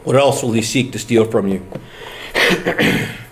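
A man's voice: medium pitch, slow pace, fairly bright tone, a little hiss or hum. A middle-aged man preaching a sermon, earnest and building to emphatic exhortation. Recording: echoey room.

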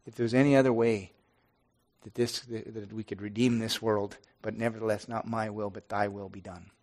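A middle-aged pastor speaking earnestly and haltingly to his congregation, with many restarts. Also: on the low side, flat delivery, a little mellow. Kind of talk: informal devotional talk to a congregation.

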